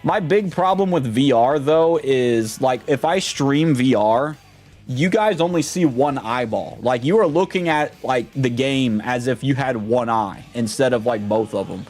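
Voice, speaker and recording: A man's voice: medium pitch, measured pace, darkish tone. A young man streaming live, chatting casually in a rambling way full of fillers.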